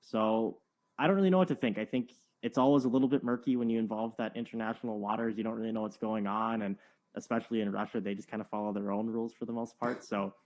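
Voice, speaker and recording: Fast-talking joking young man. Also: on the low side, fairly even intonation, darkish tone. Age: 20s. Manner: joking storyteller, rambling with many fillers. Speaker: podcast co-host. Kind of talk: casual chat.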